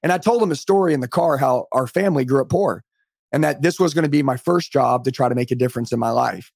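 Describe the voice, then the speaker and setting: A man's voice: medium pitch, quick pace, creaky, a little mellow, no room sound, studio quality. A middle-aged man telling his story as a podcast guest on a call, emphatic and motivational. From United States. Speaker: podcast guest, sales trainer. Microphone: remote call.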